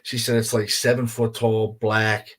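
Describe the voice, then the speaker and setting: A man's voice: lowish voice, level tone, measured pace, a bit bright. A man, a guest paranormal investigator, telling a story in a rambling way, swearing often and filling gaps with "you know" and "man". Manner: rambling, profanity-laced, heavy on fillers like "you know" and "man". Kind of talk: casual storytelling chat.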